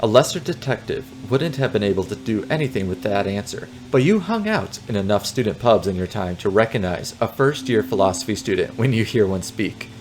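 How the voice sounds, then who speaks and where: A man's voice: fairly low pitch, animated, brisk, hardly any pauses, a little mellow, slight background noise. A man reading a text adventure game aloud, with playful joking asides. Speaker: game narrator.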